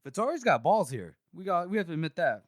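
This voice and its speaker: A man's voice: high-pitched, sing-song, quick pace, no echo, studio quality. A man co-hosting a casual book podcast, animatedly retelling scenes, acting out quotes and swearing. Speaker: podcast co-host.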